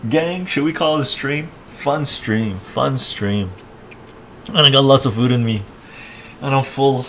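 A man's voice: mid-range voice, normal speed, a bit bright, slight background noise. A man hosting a casual live stream, ranting and rambling in a loose, conversational way and often tagging his points with "right?".

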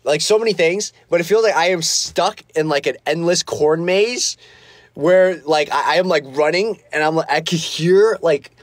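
This male livestream host has a fairly high voice and speaks at a moderate pace, with no room sound audible. He's running a casual stream on his phone from a small foam-lined practice room, reading out comments and rambling through lots of fillers.

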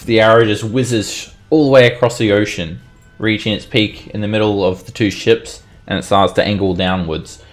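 A man's voice: on the low side, steady tone, moderate pace, slight background noise. A man running a tabletop game as game master, narrating casually with chuckles and fillers.

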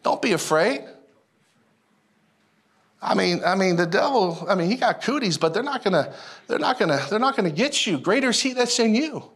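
A male pastor preaching a sermon in an animated, folksy way, repeating phrases and calling out to the congregation. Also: high-pitched, normal speed, long pauses, breathy edge. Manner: animated, repetitive, folksy preaching with audience call-outs.

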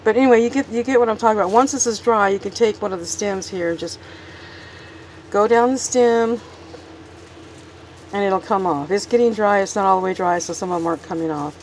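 A cooking vlogger talks briskly in a medium pitch, chatting through a casual kitchen demonstration while filming one-handed on her phone and a bit out of breath. The recording is rough, with slight background noise.

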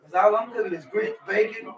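A man's voice: high voice, fairly even intonation, brisk, echoey room, far from the mic, dull audio, crowd noise. A man chatting loosely to his viewers while cooking in his home kitchen. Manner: loose, chatty, talks straight to viewers with lots of "y'all". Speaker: cooking vlogger. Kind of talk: casual cooking vlog chat.

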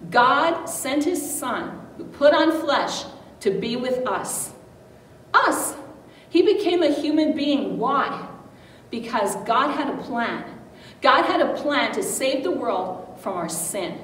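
A woman with a high voice teaches a children's Bible lesson, emphatic and unhurried. Her voice echoes through a large hall, heard from a distance with faint background noise. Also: lively intonation, fairly bright tone.

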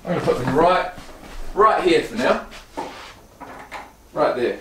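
Male vlogger, casual and chatty, slightly high voice, roomy echoey room. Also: lively intonation, unhurried, pauses often, background noise. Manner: chatty, reads card stats aloud, swears casually. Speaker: YouTube vlogger. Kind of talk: casual unboxing vlog. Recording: roomy echo.

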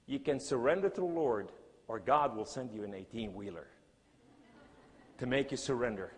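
A man's voice: mid-range voice, lively intonation, moderate pace, big-room sound. A man giving a sermon-style testimony, telling his story dramatically and acting out the scenes.

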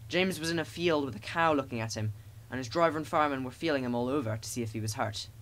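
A man narrating a children's railway storybook in a gentle, expressive reading. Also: medium pitch, fast. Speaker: audiobook narrator.

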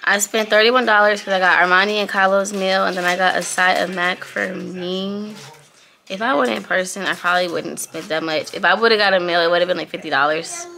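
A woman's voice: lowish voice, steady tone, brisk, creaky, sharp tone. A young woman vlogging in a casual, chatty way, talking straight to her viewers as a mother.

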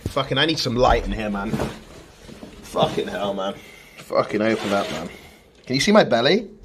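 A man's voice: lowish voice, animated, moderate pace, noisy background. A man streaming from his room, ranting to chat in an exasperated, swearing way. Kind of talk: frustrated live-stream rant. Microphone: mobile phone held to face.

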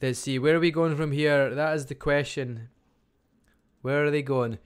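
A Scottish man casting a live online strategy game match, talking fast and chattily and barely stopping for breath. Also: a little high, steady tone, clean tone. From Scotland. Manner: fast, chatty, talks without pausing. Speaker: game caster. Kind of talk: live esports commentary.

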